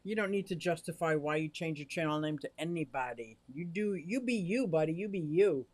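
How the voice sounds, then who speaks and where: A chatty, excitable man livestreaming from his home fish room into a directional mic, talking to viewers while fiddling with his gear. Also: fairly high pitch, fairly quick, dry recording. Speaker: aquarium hobbyist livestreamer. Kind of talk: casual live stream chat to viewers. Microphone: directional microphone.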